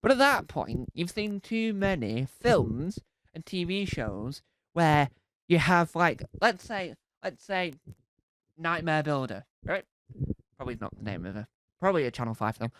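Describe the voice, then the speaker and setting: Animated stand-up comedian. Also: male voice, fairly high pitch, unhurried, no room sound. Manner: animated, acts out scenes with sung riffs and shouts. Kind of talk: stand-up routine.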